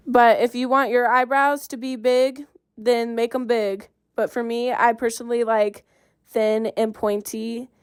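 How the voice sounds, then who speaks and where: A woman's voice: fairly high pitch, clean tone, no room sound, clean studio sound. Chatty Southern Californian young woman. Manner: chatty, filler-heavy with "like". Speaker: makeup vlogger. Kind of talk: casual makeup tutorial voiceover.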